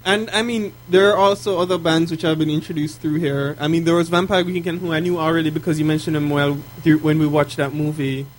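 Podcast co-host, man, hesitant and repetitive, slightly high, faint hum. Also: steady tone, quick pace, hardly any pauses, low-quality recording. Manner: hesitant, repeats words, many fillers. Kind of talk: casual chat.

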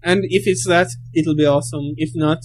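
A man co-hosts a casual movie podcast. His voice sits a little high for a man, and he rambles and stumbles, repeating words as he goes. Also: steady tone, brisk, husky. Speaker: podcast co-host. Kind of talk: casual film chat.

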